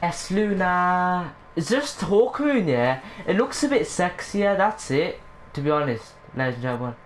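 A woman commentating her gameplay, excitable, breaking into high squeals, swearing and catchphrases aimed at her viewers. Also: a little slow, slight background noise. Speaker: gaming channel host.

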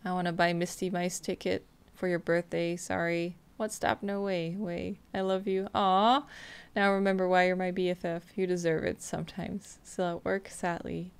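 A woman playing a video game, reading the on-screen text messages aloud in a flat, quick way between casual comments. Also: lowish voice, gravelly, clean tone. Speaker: gameplay streamer. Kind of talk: casual let's-play commentary.

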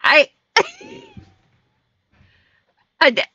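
A woman's voice: drawn-out words, sharp tone, dull audio. A woman streamer chatting casually on a live stream, giggly and flustered, laughing often as she reacts.

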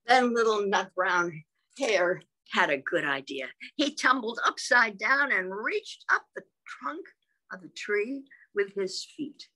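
A woman's voice: medium pitch, expressive, takes it slowly, pushed and bright, poor audio. A woman reading a picture book aloud to small children, chatty and asking them little questions. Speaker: storybook reader for children.

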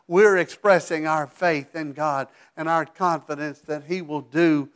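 A man with a high voice preaches a sermon from a church sanctuary. His delivery is animated, swelling to emphatic peaks and then falling to a hushed tone for asides. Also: unhurried, smooth. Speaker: pastor.

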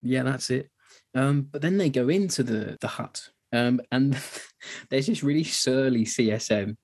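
A man's voice: mid-range voice, unhurried. A man from England co-hosting a podcast, chatting casually about a war film and acting out its lines. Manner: chatty, laughs, acts out quoted dialogue. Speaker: podcast co-host.

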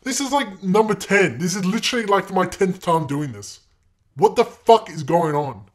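A young gaming video creator with a high-pitched, animated voice talks at a moderate pace over his gameplay. Exasperated, he swears constantly and keeps calling himself names.

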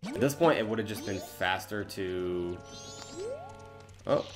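A man's voice: on the low side, takes it slowly. A man giving casual, self-deprecating commentary while playing a video game, thinking aloud as he goes. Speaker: let's play host. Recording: game music behind voice.

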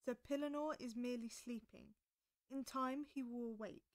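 A woman voicing a wise old male wizard in a storybook reading, speaking quietly and measured. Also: fairly high pitch, steady tone, natural voice. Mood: reassuring.

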